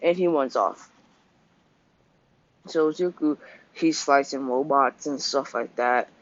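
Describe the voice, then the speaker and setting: A man's voice: mid-range voice, slow. A young man narrates an improvised fan story off the cuff, rambling, stopping to correct himself and tossing in asides. His voice sits in a middling register. The recording sounds dull and lo-fi. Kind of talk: casual improvised story retelling.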